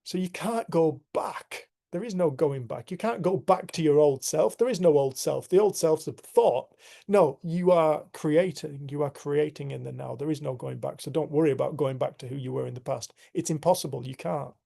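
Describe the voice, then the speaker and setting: Candid man, gravelly voice, slightly higher pitch, casual group talk over a call. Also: normal speed, mellow. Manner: candid, earthy, swears, laughs at himself. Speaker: group facilitator. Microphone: video call.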